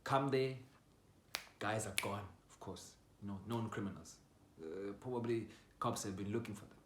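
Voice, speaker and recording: Animated man telling a story. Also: moderate pace, a little hiss or hum. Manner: animated, swings from loud outbursts to low mutters, swears freely. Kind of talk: casual personal storytelling. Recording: roomy echo.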